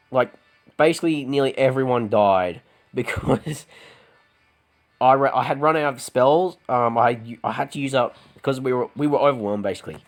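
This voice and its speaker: A man's voice: medium pitch, poor audio. An Australian man hosting a game playthrough, reading dialogue aloud with frequent restarts and chuckles. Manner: stumbling restarts, chuckling, voices characters loosely. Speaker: let's play host. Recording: game music playing underneath. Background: game music.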